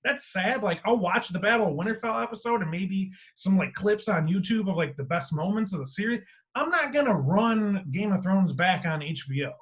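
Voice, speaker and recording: A man hosting a casual podcast, talking in an animated way with free swearing, his voice swinging between loud and quiet. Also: high voice, normal speed. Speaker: podcast host.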